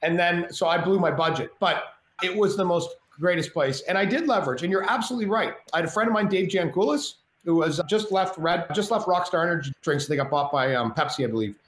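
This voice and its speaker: A middle-aged man telling a story as a podcast guest, animated and self-mocking, acting out the dialogue. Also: high voice, fast talker, few pauses. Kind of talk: storytelling in casual chat. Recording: roomy echo, faint ambience.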